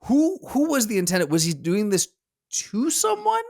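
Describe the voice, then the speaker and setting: A man's voice: sits high, huge pitch swings, moderate pace, gravelly. A man co-hosting a podcast, chatting casually and asking follow-up questions, often restarting his sentences. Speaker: podcast co-host. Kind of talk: casual chat.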